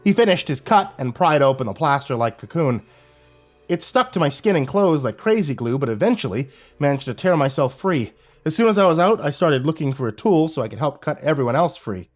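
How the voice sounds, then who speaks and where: A man narrating a horror story in a steady storytelling delivery. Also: fairly high pitch, a little fast, soft background music.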